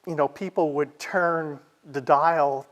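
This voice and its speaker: A man presenting a library history talk in a chatty, informal way, often pausing on "uh" and adding side remarks. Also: on the high side, steady tone. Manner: chatty, with frequent "uh" fillers and asides.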